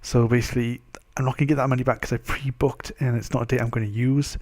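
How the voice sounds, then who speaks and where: A Welsh man talks to his camera in a casual, rambling vlog. His voice is congested and stuffy from a cold, and his pitch sits in an ordinary middle range. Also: little pitch movement, quick pace, darkish tone. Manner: rambling, loose and chatty. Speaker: vlogger. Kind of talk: casual chat.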